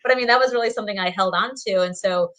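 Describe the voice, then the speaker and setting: A woman's voice: medium pitch, very fast, fairly bright tone. A woman guest on a podcast, talking casually and laughing often, with plenty of fillers. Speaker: guest, therapist and co-author.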